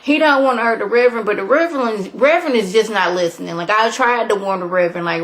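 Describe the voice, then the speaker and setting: Brief: animated female vlogger, casual chatty recap, lots of "like". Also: medium pitch, fast, hardly any pauses.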